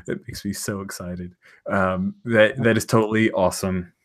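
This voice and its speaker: A man with a fairly low voice runs a tabletop role-playing game, describing scenes in an excited, rambling way. He fills pauses with ums and likes and keeps the narration loose and chatty. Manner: enthusiastic, rambling, with fillers and laughs. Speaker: game master.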